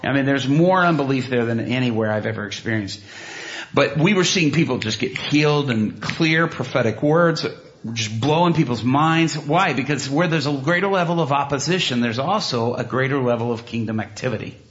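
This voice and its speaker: A man preaching and telling a story, animated, with many restarts and asides, jumping into loud, high bursts when he acts out what people said. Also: moderate pace. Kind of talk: sermon storytelling. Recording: dull lo-fi sound.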